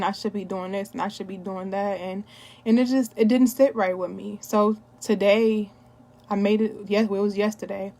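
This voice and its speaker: A woman's voice: mid-range voice, a little mellow. A young adult woman recording a candid personal testimony at home, telling her story with repetition and talk of prayer. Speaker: wellness product seller.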